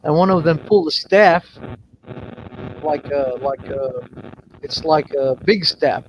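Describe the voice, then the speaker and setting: A man on an open panel call, excitedly telling a personal story, swearing and laughing as he goes. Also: a little high, slow pace, slight background noise, poor audio. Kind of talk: casual chat.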